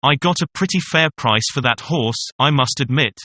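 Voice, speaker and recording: A man's voice: medium pitch, normal speed, pushed and bright, dry recording. A man reading the lines of a sly, clever male peasant in a storybook. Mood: pleased.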